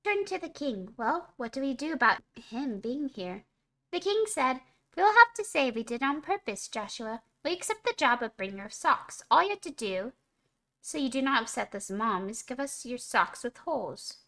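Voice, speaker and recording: Bright lively woman reading a bedtime story. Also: high voice, normal speed. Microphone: streaming mic.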